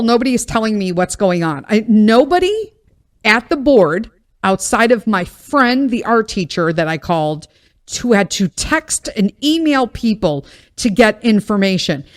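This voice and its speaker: Blunt, swearing woman podcaster, lively pitch. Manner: blunt and profane, vents with frequent swearing; wry and self-mocking, laughs at herself. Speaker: podcast host. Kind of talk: casual storytelling monologue.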